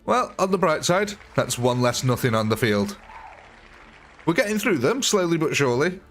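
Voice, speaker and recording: A man's voice: a little high, sing-song, normal speed, a bit bright, faint music behind. A man hosting a gaming livestream, chatting casually with viewers and chuckling often. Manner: chatty, chuckling, answers chat. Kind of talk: casual live-stream chat.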